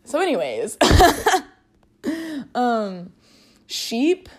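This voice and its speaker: A woman's voice: fairly high pitch, sing-song, very slow, darkish tone. A woman hosting a casual solo podcast, rambling and giggling, with lots of filler words. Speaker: podcast host.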